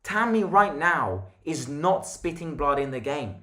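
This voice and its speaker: A man's voice: fairly high pitch, sing-song, a little slow, fairly bright tone. A young man hosting a football channel, giving a blunt, opinionated match reaction monologue.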